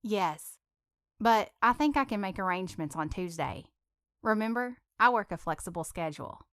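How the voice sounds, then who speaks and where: A woman's voice: medium pitch, expressive, moderate pace, a bit bright, no room sound, studio quality, lightly acted. A woman reading a shy stammering young woman. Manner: stammering, hesitant.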